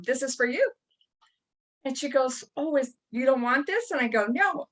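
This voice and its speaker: A woman on a video call tells a personal story in a rambling way. She stops often with ums and restarts. Her voice sits at an ordinary middle pitch. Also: a bit bright. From California. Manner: rambling, hesitant, many ums. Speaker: participant on a coaching call.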